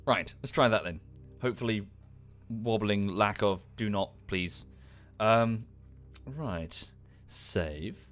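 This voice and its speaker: A man's voice: lowish voice, takes it slowly, a bit bright. A man giving casual, dry, self-deprecating commentary while livestreaming a game, often muttering to himself. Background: game music.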